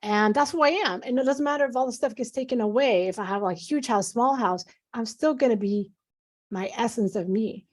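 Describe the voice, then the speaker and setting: A woman's voice: on the high side, brisk. A middle-aged woman, a physician guest, speaking earnestly and animatedly in a conversational interview.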